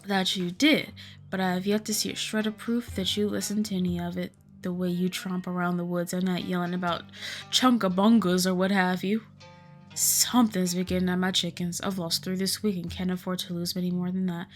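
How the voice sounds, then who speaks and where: A woman voicing a gruff, cranky old male backwoods hunter with a put-on Southern accent, reading a game aloud. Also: fairly low pitch, level tone, a little fast, soft background music, natural voice. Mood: stubborn. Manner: grumbling, folksy scolding.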